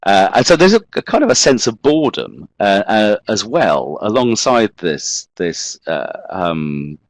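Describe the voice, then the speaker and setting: Deep-voiced male lecturer with wry asides. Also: sing-song, unhurried, no room sound, rough recording. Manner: discursive with wry self-mocking asides. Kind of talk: recorded history lecture.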